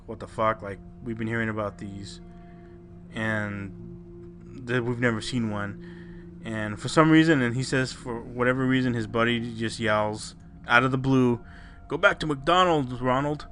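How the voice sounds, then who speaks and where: A man's voice: on the low side, fairly even intonation, moderate pace, a bit bright, a little hiss or hum. A man co-hosting a podcast, casually retelling a listener's scary story with swearing and restarts. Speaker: podcast co-host.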